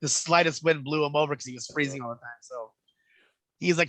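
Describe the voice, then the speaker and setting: Animated man telling stories, bright dry voice. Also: fairly high pitch, fast talker, dry recording. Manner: animated storyteller, acts out quoted voices, swears freely. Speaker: podcast guest. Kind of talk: casual storytelling chat.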